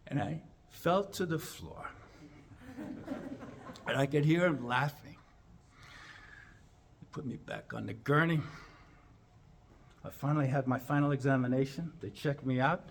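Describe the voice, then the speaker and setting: Animated husky-voiced male storyteller. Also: measured pace, pauses often. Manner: animated, acting out lines with big jumps in pitch and volume. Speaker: chiropractor. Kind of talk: humorous storytelling speech.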